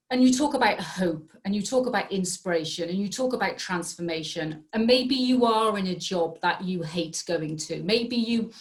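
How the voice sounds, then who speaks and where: A woman hosting a live online talk show, speaking conversationally and often correcting herself mid-sentence. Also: on the low side. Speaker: host.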